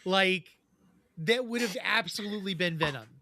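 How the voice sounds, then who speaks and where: A man's voice: high-pitched, moderate pace, pushed and bright, dry recording. A man co-hosting a casual fan podcast, explaining trivia at length with frequent restarts. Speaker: podcast co-host.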